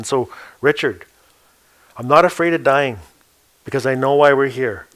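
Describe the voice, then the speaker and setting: A man telling a story aloud on a panel before a live audience. His voice sits in an ordinary middle range and grows animated as he slips into the people he describes. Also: medium pitch, unhurried, long pauses.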